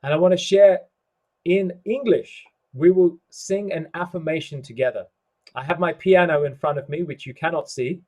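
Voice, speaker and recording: A man hosting an online spiritual summit over a video call, speaking slowly and deliberately and reciting scripture. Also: a little high, darkish tone, rough recording. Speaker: summit host. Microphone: video call microphone.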